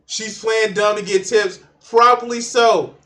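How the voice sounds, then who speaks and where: A man's voice: high voice, steady tone, measured pace, pushed and bright. Blunt, profane man reacting on stream. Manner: blunt and profane, trailing off in restarts. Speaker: livestream host reacting to videos. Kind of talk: casual reaction commentary.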